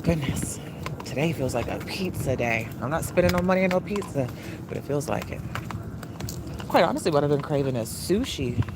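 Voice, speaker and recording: Lady from on a phone live stream, walking outside, talking to her dogs, lots of loud outdoor noise. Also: low voice, animated, brisk. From Mississippi. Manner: chatty, coaxing the dogs between remarks to viewers. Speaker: livestreamer. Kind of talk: casual live-stream chat. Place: outdoors on a city walk.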